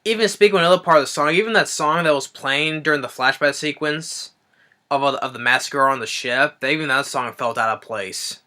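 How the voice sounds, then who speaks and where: Man, casual movie review, halting, repeats himself, thinking aloud, crisp bright voice. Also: on the high side. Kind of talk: casual spoken film review.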